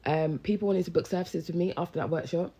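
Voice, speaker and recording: A woman's voice: lowish voice, fast, dark tone, breathy edge. A young woman, a business coach, chatting casually and animatedly on a phone live stream, full of slang and talking straight to her viewers. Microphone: handheld phone live stream.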